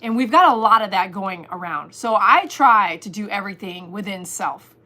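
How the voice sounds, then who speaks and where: A woman hosting a casual livestream, chatting and reading viewers' comments aloud, animated and laughing often. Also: medium pitch, moderate pace. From Texas. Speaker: livestream host.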